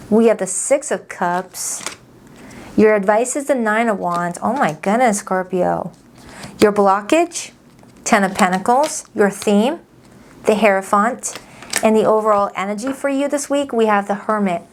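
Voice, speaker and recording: A woman's voice: mid-range voice, slight background noise. A woman doing a tarot reading, talking to her viewers in a chatty, upbeat way. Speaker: tarot reader. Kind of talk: casual tarot reading to camera.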